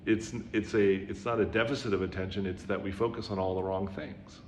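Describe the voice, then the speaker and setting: A deep-voiced man with fairly even intonation speaks fairly quickly in an informal, conversational Zen dharma talk, leaning on "right?" and "you know" asides. Quoted dialogue gets acted out in a raised voice, heard through a roomy echo with faint background noise.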